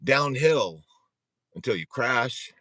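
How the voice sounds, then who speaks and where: A man's voice: medium pitch, animated, slow pace, pushed and bright, dry recording, clean studio sound. A man in his forties hosting a live-streamed support group talk, speaking earnestly and repeating his points, often chuckling.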